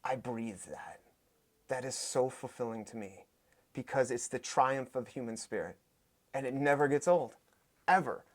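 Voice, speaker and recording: A young adult man, a fitness coach, telling stories in casual podcast talk, getting animated and loud as he gets excited. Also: medium pitch, normal speed. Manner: animated, voice rises sharply when excited. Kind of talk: casual storytelling.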